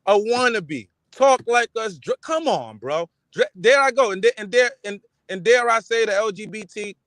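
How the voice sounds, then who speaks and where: New York man hosting a casual livestream, streetwise and emphatic, higher pitch, dry mic. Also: animated, normal speed, fairly bright tone, no echo, rough recording. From the Bronx, New York. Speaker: livestream host reading chat.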